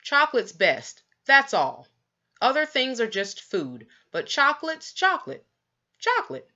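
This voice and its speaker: A woman's voice: sits high, big pitch swings, measured pace, sharp tone, lo-fi sound, pitched above the performer's own voice, full character voice. Woman doing a candy-loving young boy. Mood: insistent. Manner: earnest and insistent. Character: young boy, polite but candy-obsessed.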